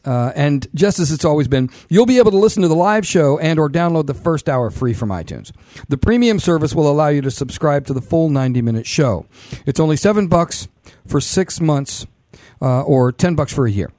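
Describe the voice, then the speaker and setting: A man's voice: fairly high pitch, darkish tone, no echo, studio quality. A man hosting a casual call-in show, loose and rambling with lots of fillers. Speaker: podcast host.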